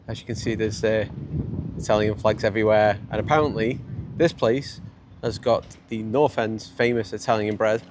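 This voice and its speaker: A man's voice: mid-range voice, background noise. A man with a Stoke-on-Trent accent, chatting and joking on a casual travel vlog. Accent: Stoke-on-Trent English. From England. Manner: chatty and jokey, laughs often. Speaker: vlogger. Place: outdoors on city streets.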